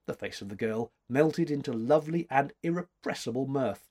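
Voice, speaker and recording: A man narrating a novel in a measured, expressive storytelling style. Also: medium pitch. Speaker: audiobook narrator. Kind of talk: scripted narration.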